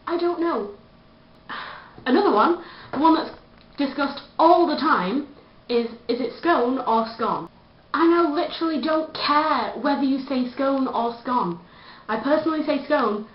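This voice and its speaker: A woman vlogs a chatty, self-mocking comedic rant to camera in a casual style. Her voice is high, expressive, and brisk. The audio has a dull, lo-fi, echoey room sound.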